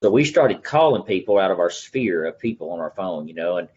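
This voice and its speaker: A man's voice: sits low, lively intonation, brisk, darkish tone, dull audio, a little hiss or hum. A middle-aged man with an East Texas accent, a real estate agent telling his story in a casual interview. He talks in a folksy, earnest way and acts out the conversations he remembers.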